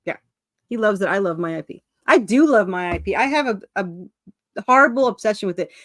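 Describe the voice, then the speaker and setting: Her voice on the high side and fairly bright, a woman who makes indie comics chats casually as a video-call guest, recorded in studio quality with no room sound. She rambles through fillers and restarts, often laughing at herself.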